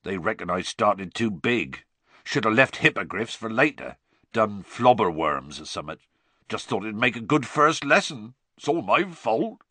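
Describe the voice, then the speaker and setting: A man voicing a huge, gruff male half-giant groundskeeper who is drunk and miserable and talks in a rough dialect. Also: fairly low pitch, sing-song, a little slow, sharp tone, no room sound, heavily acted. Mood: dejected. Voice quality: rough dialect, dropped words. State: drunk, slurred.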